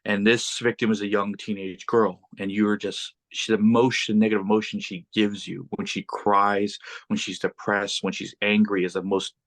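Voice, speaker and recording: Low-voiced man telling a slow, suspenseful story. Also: little pitch movement, a bit bright. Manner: slow, deliberate second-person storytelling that builds suspense. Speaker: podcast guest. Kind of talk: casual interview storytelling.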